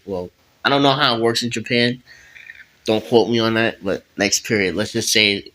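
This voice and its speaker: A man's voice: fairly low pitch, moderate pace, a bit bright, rough recording. A laid-back man casually improvising a role-play story, with slang.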